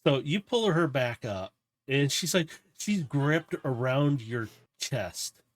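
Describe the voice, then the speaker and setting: A man's voice: mid-range voice, expressive, takes it slowly. A man narrating as game master of a tabletop game, loose and rambling with restarts.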